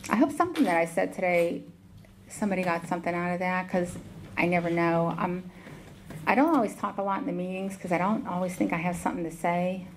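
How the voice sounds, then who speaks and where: Halting Southern woman, noisy room recording. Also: on the low side. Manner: halting, many ums and restarts. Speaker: recovery meeting speaker. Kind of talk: personal testimony talk. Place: meeting hall.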